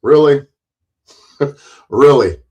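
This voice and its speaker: A man's voice: medium pitch, drawn-out words. Profane, sarcastic man ranting on stream. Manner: loud, forceful delivery that he calls passion. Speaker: YouTube channel owner. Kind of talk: heated livestream rant.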